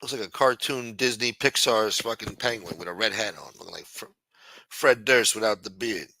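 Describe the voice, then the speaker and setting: A man's voice: fairly low pitch, normal speed, gravelly, sharp tone, dry recording, studio quality. A man hosting a livestream, talking crudely and mockingly while reacting to his chat and thanking supporters. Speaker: livestream host. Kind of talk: profane casual commentary.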